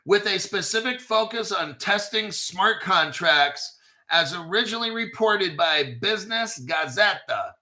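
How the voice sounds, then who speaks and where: A male show host talks in casual commentary, cursing freely and answering his own asides. His voice sits high and sounds very bright. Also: animated, a little slow. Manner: profane, talks back to himself.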